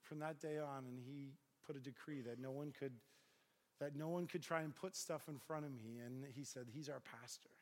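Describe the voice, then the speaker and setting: A middle-aged pastor preaches a storytelling sermon to a crowd, animatedly acting out lots of voiced dialogue. His voice is mid-range at normal speed, with a big-room sound.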